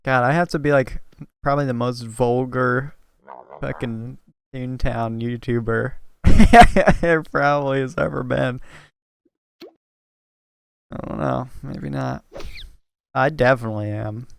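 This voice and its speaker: A man's voice: medium pitch, slow, creaky, pauses often, clear, resonant tone, no room sound, studio quality. A young man with a slight Southern twang, rambling crudely and laughing through casual gameplay commentary at a home mic. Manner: vulgar, rambling, laughs often. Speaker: gaming YouTuber. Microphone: desktop mic at home.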